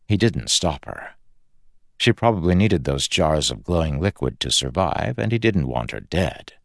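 Deep gravelly male audiobook narrator. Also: sing-song, no echo, clean studio sound. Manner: measured, dramatic storytelling. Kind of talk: scripted fantasy narration.

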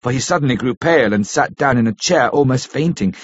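Husky male audiobook narrator. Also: medium pitch, no room sound. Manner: measured, steady storytelling. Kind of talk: scripted narration of a classic novel. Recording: dull lo-fi recording.

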